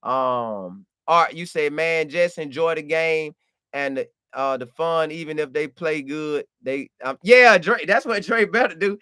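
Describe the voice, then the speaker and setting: Man, live show host, high voice, bright tone, dry close sound, casual and preachy. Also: measured pace, clean tone, dry recording. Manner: loose and talkative, preachy asides, thanks viewers. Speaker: podcast host reading live chat. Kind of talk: casual live-stream chat.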